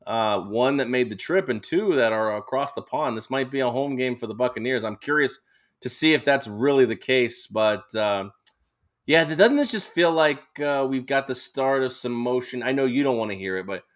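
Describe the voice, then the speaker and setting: A man's voice: mid-range voice, animated, normal speed. A man co-hosting a sports radio show, rambling through betting picks with lots of fillers and easy laughs. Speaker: co-host. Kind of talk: casual sports betting chat.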